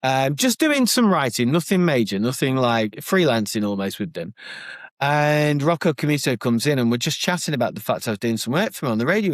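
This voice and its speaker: A man co-hosting a podcast, telling an anecdote in an excitable, animated way. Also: medium pitch, fairly quick, no echo, studio quality. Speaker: podcast co-host. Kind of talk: casual anecdote-telling chat.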